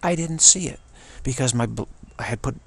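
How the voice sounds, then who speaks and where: A man's voice: mid-range voice, fairly quick, vocal fry, breathy edge. A man giving a solo spoken commentary, rambling earnestly and often repeating and restarting his phrases. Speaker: channel host.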